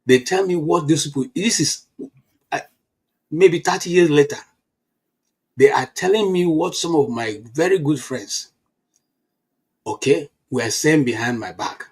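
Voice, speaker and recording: Husky Nigerian man in his fifties. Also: a little high, measured pace, long pauses. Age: 50s. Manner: animated storytelling with frequent restarts. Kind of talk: casual political chat.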